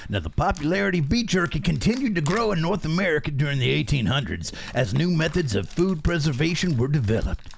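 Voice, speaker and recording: A man's voice: on the high side, vocal fry, slight background noise. A man doing a folksy cowboy voice to read out a comic mock history, drawling and laughing through his lines. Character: folksy male cowboy storyteller.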